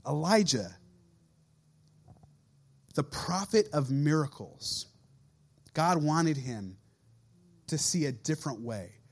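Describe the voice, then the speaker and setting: A man in his thirties, a youth pastor preaching a sermon in an animated way and acting out quoted voices. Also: fairly high pitch, slow pace, long pauses, breathy edge.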